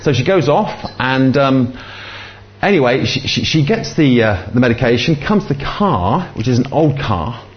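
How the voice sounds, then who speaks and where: Older preacher, halting. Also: male voice, medium pitch, highs cut off, slight background noise. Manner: halting, many fillers and restarts. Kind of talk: sermon with storytelling.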